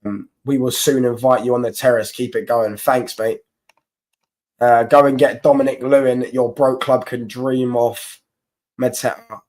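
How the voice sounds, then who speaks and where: A young man chats loosely on a football live stream, teasing rival supporters and answering viewers. His pitch sits at an ordinary middle level for a man. He rambles with frequent restarts and slang. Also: level tone, a little slow, a little mellow. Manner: banter-heavy, mocking rival fans, rambling with restarts. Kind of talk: casual live stream chat reading comments.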